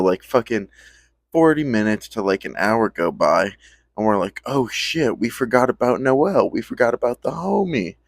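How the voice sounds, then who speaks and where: A young man with a lowish voice tells a story in a loose, slangy, profane way. He slips into his friends' voices when he quotes them. The sound is dry and close, with no room echo. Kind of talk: casual storytime.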